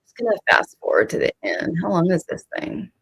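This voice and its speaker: A woman's voice: fairly low pitch, sing-song, brisk, a bit bright, husky. A woman hosting a live stream, gossiping and calling people out in casual chat. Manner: sassy, gossipy, talks straight to chat. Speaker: streamer host.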